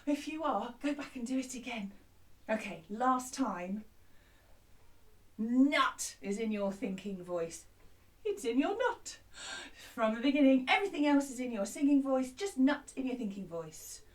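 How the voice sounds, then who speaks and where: A woman's voice: on the high side, big pitch swings, measured pace, far from the mic. A woman teaching a children's music lesson who sings an action song and cheerfully explains each step. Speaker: primary school music teacher.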